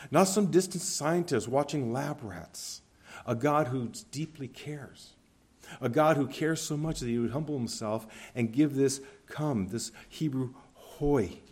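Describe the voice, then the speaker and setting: A man preaching a sermon as pastor, earnest and emphatic, his voice swinging between forceful peaks and quiet low stretches. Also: breathy edge.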